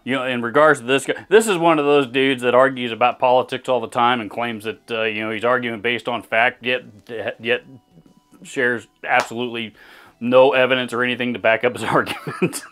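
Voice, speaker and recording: A man's voice: mid-range voice, steady tone, a little fast, fairly bright tone, smooth. A man hosting his own channel, answering viewer comments in blunt, profane, rambling casual talk full of fillers and laughs, seen on camera indoors. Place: indoor room with gear on the wall behind him.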